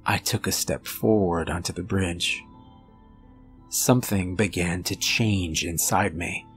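A man reads a scripted horror story in a low, unhurried voice. His delivery is measured and steady, with faint music under it. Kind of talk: scripted narration.

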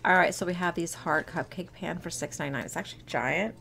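A young woman's creaky, fairly low voice moves at a fast clip over a noisy background. She's filming a casual shop-with-me vlog on a handheld phone inside a store, gushing over cute finds in a chatty way with plenty of ums.

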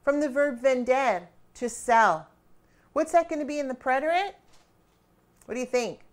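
A woman teaching a grammar lesson, quizzing her students with questions and pauses and praising right answers. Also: sits high. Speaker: Spanish teacher.

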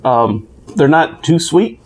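A woman's voice: deep voice, big pitch swings, takes it slowly, a little mellow, slight background noise. A woman reacting to snacks in a casual tasting chat, often repeating herself. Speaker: co-host of snack tasting channel.

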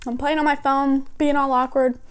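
A young woman around nineteen with a high, bright-sounding voice recounts a story straight to camera. Her telling is chatty and animated, and loose fillers run through it. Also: normal speed. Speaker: vlogger. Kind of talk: casual storytime.

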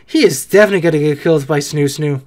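A YouTuber reacting to an anime, with casual joking commentary and sudden excited outbursts. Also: medium pitch, quick pace.

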